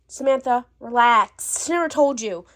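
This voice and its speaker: A woman voicing a plain-spoken mother in a doll-play story, brisk and matter-of-fact. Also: on the high side, fairly bright tone, pitched below the performer's own voice, lightly acted.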